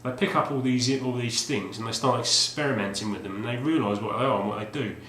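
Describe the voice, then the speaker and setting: A man's voice: medium pitch, quick pace, fairly bright tone. Rambling man in an echoey room. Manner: rambling, with many fillers and restarts. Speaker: retro game collector vlogger. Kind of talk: casual video talk. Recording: roomy echo, faint background hum.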